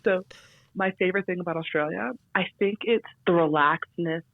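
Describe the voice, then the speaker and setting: A young American woman, a podcast guest, chatting casually and telling lively anecdotes. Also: fairly low pitch, fairly quick, no echo. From United States. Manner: animated storyteller, quotes others in lively voices. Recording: dry, slightly dull audio.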